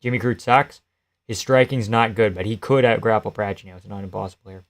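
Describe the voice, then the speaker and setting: A man's voice: fairly low pitch, fairly quick. A man doing casual live-stream fight commentary, joking, swearing freely and answering chat as he goes.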